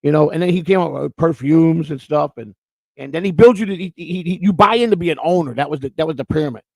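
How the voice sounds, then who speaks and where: Gravelly, rambling man telling stories. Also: fairly high pitch, fast talker, a little mellow, dry recording, rough recording. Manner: rambling storyteller, repeats words. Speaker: co-host. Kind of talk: casual livestream chat.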